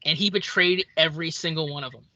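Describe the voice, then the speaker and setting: A podcast co-host chatting casually about films, telling scenes in an animated way and acting out quoted lines. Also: medium pitch, fast, lo-fi sound. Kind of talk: casual film chat.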